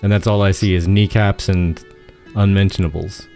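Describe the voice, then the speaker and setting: Deep, mellow-voiced man chatting about games. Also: moderate pace, faint music behind. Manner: relaxed, explains at length with many restarts. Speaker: podcast co-host. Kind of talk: casual gaming podcast chat.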